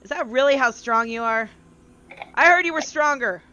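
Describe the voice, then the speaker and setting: A woman's voice: sits high, moderate pace, bright, forceful tone, clean tone, highs cut off, voice pushed up. A woman voicing an impatient, exasperated woman warrior who scolds and mocks. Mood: mocking. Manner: scolding, mocking.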